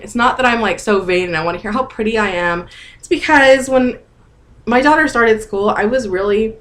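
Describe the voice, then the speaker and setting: A woman's voice: mid-range voice, lively intonation, moderate pace, a bit bright. Chatty candid woman vlogging at home. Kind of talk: casual vlog update.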